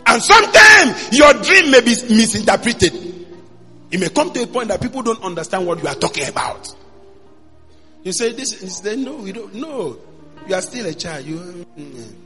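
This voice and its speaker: A man, a pastor telling his story in a sermon, dropping to a hush and then bursting into shouts. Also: high-pitched, very animated, normal speed. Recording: long hall reverb with faint music.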